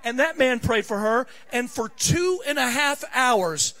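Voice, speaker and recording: A man's voice: extremely high pitch, unhurried, bright, forceful tone. A middle-aged male pastor preaching a sermon in a church, telling stories in a conversational way that rises to fervent preaching. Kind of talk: sermon with personal storytelling. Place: church sanctuary.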